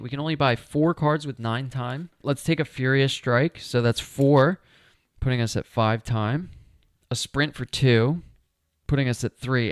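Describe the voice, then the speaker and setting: A man's voice: mid-range voice, clean tone, no echo, studio quality. A man talking himself through a solo board game playthrough, chatty and upbeat as he explains each move.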